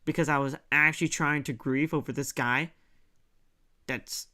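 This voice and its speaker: A young man chatting casually about a video game, animated, restarting his sentences and acting out scenes. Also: fairly high pitch, normal speed. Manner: animated, stammering restarts, laughs a lot, acts out scenes. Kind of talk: casual gaming chat.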